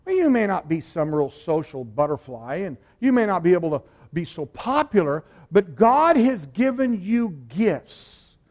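A high-voiced male preacher delivering a sermon with sweeping dynamics. He drops to hushed near-whispers, then climbs into loud, soaring declarations, pausing to have the congregation repeat his lines. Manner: dynamic, swings from hushed to shouted; call-and-response with the congregation.

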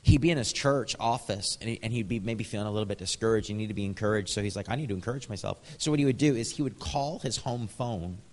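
A man's voice: on the low side, fast, few pauses, darkish tone. American preacher man in an echoing hall. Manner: conversational, chuckles often, acts out dialogue. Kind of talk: storytelling sermon.

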